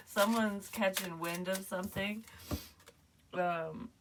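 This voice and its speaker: A woman's voice: mid-range voice, fairly even intonation, slow, fairly bright tone, distant mic, a little hiss or hum. A woman psychic medium talking casually through a reading, rambling and swearing with frequent laughs. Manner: rambling, profane, laughs often.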